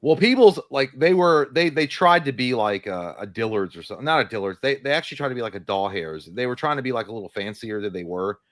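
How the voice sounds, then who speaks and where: A man's voice: mid-range voice, lively intonation, quick pace, hardly any pauses. A man rambles through stories that poke fun at himself, putting on voices now and then. His voice sits in the middle range, with a dry, close sound and no room echo. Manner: rambling, self-mocking storytelling with voiced impressions. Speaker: podcast co-host. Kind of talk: casual chat.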